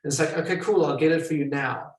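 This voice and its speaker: A man hosting an interview in a relaxed way, answering with short affirmations. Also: fairly high pitch, quick pace. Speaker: host, interviewer. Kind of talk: casual interview. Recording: roomy echoey sound.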